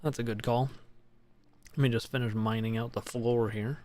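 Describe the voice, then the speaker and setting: A man's voice: mid-range voice, moderate pace. A man casually chatting with teammates while playing a building game, musing aloud as he mines and sorts. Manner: relaxed, musing, talks to teammates while mining. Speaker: gaming streamer. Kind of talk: casual gameplay chat.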